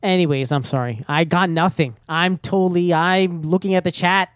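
A man hosting a casual podcast, rambling nervously with plenty of ums and jokes at his own expense. His voice sits a little high for a man, recorded dry and close to the mic. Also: fairly even intonation, normal speed, clear, resonant tone, no echo. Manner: nervous, self-deprecating, rambling with many fillers. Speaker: podcast host. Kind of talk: casual solo podcast chat.

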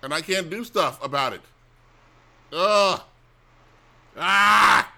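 Middle-aged male host, casual rant, blunt and profane, bright forceful tone. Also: on the high side, expressive, measured pace. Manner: blunt, complaining, profane, with restarts. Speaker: show host. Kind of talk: casual rambling chat.

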